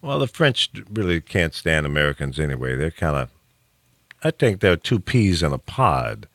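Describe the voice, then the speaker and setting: A man hosting a radio talk show in casual, opinionated chat, emphatic and quick to laugh. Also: rumbling low, no echo. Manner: animated, emphatic, laughs often. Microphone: studio mic.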